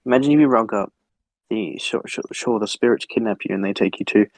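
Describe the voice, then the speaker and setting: A man's voice: fairly low pitch, a little fast, no echo, rough recording. Teasing young man on a chat podcast. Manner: teasing and chatty. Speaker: podcast co-host. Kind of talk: casual chat.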